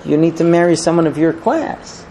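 Man doing a stern rich king father, disapproving, lecturing, fairly high voice. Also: moderate pace, dark tone, slight background noise, lightly acted, rough recording.

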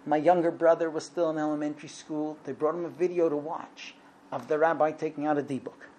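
A man in his thirties telling a religious story in a casual, lively way, acting out the voices of the people in it. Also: fairly high pitch, brisk, a little hiss or hum. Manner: lively, acts out quoted voices. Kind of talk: storytelling talk.

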